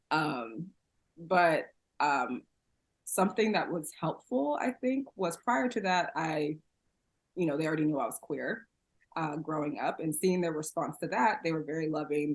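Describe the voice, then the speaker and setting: Low, husky-voiced woman chatting with laughs. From San Diego, USA. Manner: chatty, laughs often, many fillers. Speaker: podcast guest. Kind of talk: casual interview conversation.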